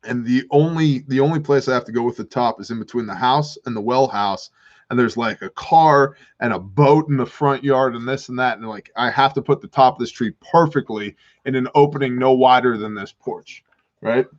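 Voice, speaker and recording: A man hosting a livestream, telling an animated story and laughing often as he acts out the other people's voices. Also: medium pitch, moderate pace. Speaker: prepper channel host. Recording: dull lo-fi livestream audio.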